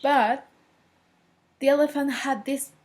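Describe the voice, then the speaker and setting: A woman's voice: high voice, steady tone, takes it slowly, darkish tone. A woman casually retelling a children's story, hesitant, with many fillers and restarts.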